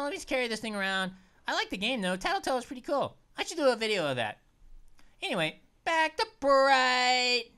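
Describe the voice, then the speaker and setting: A woman hosting a let's play, chatting casually and jumping at every scare. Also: sits high. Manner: excitable and easily startled, chatty. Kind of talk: casual gameplay commentary.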